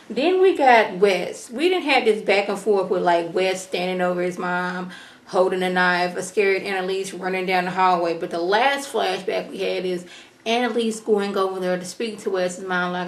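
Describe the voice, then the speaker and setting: A woman's voice: medium pitch, normal speed, echoey room. Chatty woman reviewing a TV episode. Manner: animated, slangy, acts out characters. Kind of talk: casual TV recap vlog.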